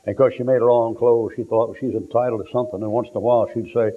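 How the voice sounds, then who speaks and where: A man's voice: mid-range voice, fairly even intonation, fast, few pauses. A male preacher telling homespun stories in a rambling folksy sermon, with restarts and down-home phrasing. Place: church. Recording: tinny lo-fi tape.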